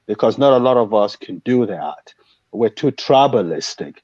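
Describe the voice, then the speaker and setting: A man's voice: fairly low pitch, animated, normal speed, darkish tone, slightly rough, no room sound, highs cut off. A Nigerian man hosting a live talk show, speaking in an impassioned, preachy way. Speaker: show host.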